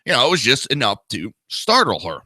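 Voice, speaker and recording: A man in his thirties rants crude, profane and sarcastic commentary as a talk show host. His pitch swings widely as he talks. The tone is very bright and sharp, and the close mic is dry. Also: huge pitch swings, fairly quick, husky, no room sound. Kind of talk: ranting commentary.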